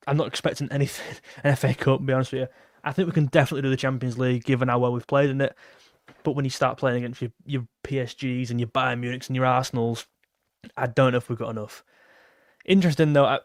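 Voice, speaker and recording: A man's voice: mid-range voice, darkish tone, dry recording, studio quality. A young man hosting a casual football fan livestream, reading out viewer messages and thanking donors in a chatty way. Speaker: football channel host reading donations.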